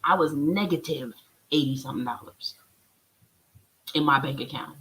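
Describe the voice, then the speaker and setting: A woman's voice: sits low, normal speed, a bit bright, rough recording. A woman, a spiritual healer, talking casually on a live stream as she reads oracle cards and gives chatty, preachy encouragement.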